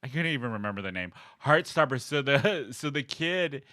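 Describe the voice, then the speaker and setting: A man's voice: medium pitch, animated, moderate pace, sharp tone, dry recording, studio quality. A man co-hosting a podcast in casual chat, playful and teasing, often laughing. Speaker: podcast co-host.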